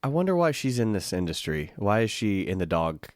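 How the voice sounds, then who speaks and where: Low-voiced, wry podcast co-host. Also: male voice, sing-song, a little fast, no echo, studio quality. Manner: wry, joking remarks. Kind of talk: casual chat.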